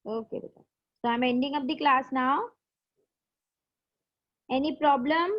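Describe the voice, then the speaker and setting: High-voiced Indian English teacher online. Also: female voice, unhurried. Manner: repeats questions, patient and encouraging. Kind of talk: online class lesson. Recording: dull lo-fi online class audio.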